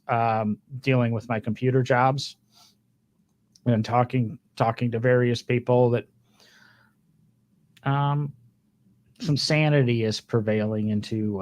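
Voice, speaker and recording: Rambling man on a car podcast. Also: mid-range voice. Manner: rambling, loose with fillers and joking asides. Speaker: podcast co-host. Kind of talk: casual chat.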